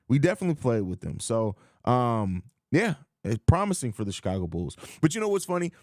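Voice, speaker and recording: A man's voice: medium pitch, sing-song, brisk, a little mellow, dry recording, studio quality. A man hosting a live post-game podcast in casual chat, blunt and emphatic, reading out viewer comments. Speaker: podcast host.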